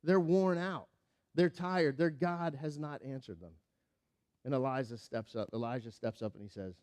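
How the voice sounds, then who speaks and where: A male pastor with a mellow, medium-pitched voice preaches at a normal speed. He tells the sermon's story animatedly, acting out characters with big loudness swings, and shifts to a quiet, earnest tone when applying the lesson.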